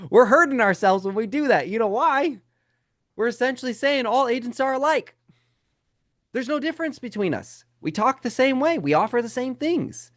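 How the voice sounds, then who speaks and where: A man's voice: extremely high pitch, animated, normal speed, fairly bright tone, dry recording, clean studio sound. A man teaching a live sales webinar, talking straight to his audience and firing rhetorical questions at them. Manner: addresses listeners directly as "guys". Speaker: real estate sales trainer.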